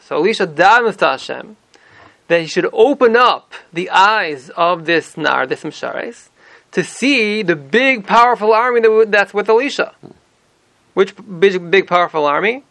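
A man teaching a Torah class, explaining lively with many rhetorical questions and Hebrew terms. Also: high-pitched, normal speed, vocal fry, no echo. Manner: animated explaining, frequent rhetorical "right?"; mixes in Hebrew terms and verse readings.

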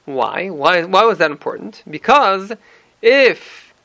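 High, gravelly-voiced man teaching Torah. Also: takes it slowly, dry recording. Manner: animated explaining, frequent rhetorical "right?"; mixes in Hebrew terms and verse readings. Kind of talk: Torah class.

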